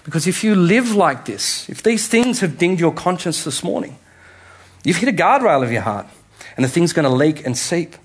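Man preaching in a high voice. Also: sing-song, moderate pace, husky. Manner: conversational preaching, rising to emphatic repetition. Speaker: pastor. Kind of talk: sermon.

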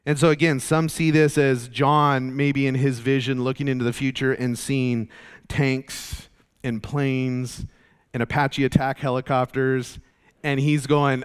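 A man's voice: mid-range voice, little pitch movement, a little slow, clean tone. A man teaching a Bible study in a conversational, explanatory way, with many fillers and restarts.

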